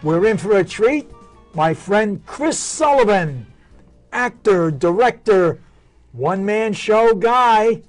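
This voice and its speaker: Male talk show host, high pitched voice, chatty upbeat interviewer. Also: expressive, slow pace, soft background music. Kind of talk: casual interview chat.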